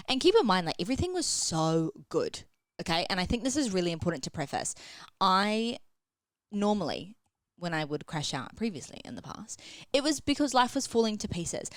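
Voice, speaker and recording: A woman's voice: medium pitch, sing-song, normal speed, fairly bright tone, dry recording. A woman, hosting a candid solo podcast from her floor at home, casual and chatty, swearing freely. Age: 20s. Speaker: podcast host and women's coach. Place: at home, sitting on the floor against a wall.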